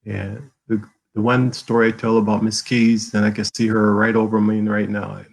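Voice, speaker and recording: A man from the American South, a guest author telling personal stories in an earnest, halting way, with many fillers, over a video call. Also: fairly low pitch, little pitch movement, gravelly, poor audio. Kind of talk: emotional personal storytelling.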